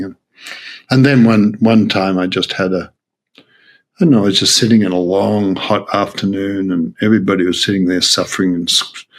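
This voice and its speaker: An older man with an Australian accent telling stories in an interview, halting with many restarts and frequent laughs. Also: low voice, creaky, husky. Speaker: Zen teacher. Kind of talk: reflective interview storytelling.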